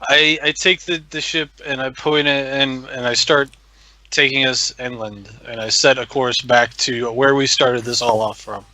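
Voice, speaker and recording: A man playing a tabletop role-playing game who describes his actions step by step. He sounds exasperated, and his voice is very bright. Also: mid-range voice, steady tone, normal speed, poor audio. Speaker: player. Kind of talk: casual tabletop game talk.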